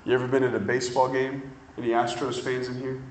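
Animated preacher man in an echoey hall. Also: mid-range voice, slight background noise. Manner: animated storytelling with drawn-out emphasis. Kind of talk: sermon.

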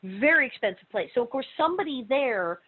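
A woman, a guest author, telling stories in a casual interview, animated and laughing as she acts out the people in them. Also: high-pitched, brisk, slightly rough. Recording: phone-like narrow sound.

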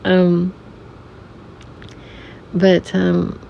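A middle-aged woman telling a reflective personal story as a podcast guest, softly and haltingly, with many restarts and some near-whispers. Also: lowish voice, monotone, gravelly. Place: room in a family home. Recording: dull recording with faint air conditioner hum. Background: air conditioner hum.

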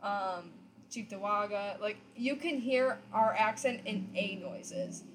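A woman with a Western New York accent co-hosting a podcast, chiming in with wry quick remarks in casual chat. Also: medium pitch, slight background noise. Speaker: podcast co-host.

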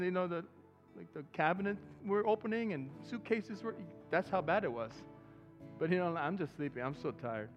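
Guy pastor preaching, kinda high voice, chatty then gets loud, soft guitar under it. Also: fairly quick, muffled recording. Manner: conversational preaching, swings to loud excited bursts. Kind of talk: sermon.

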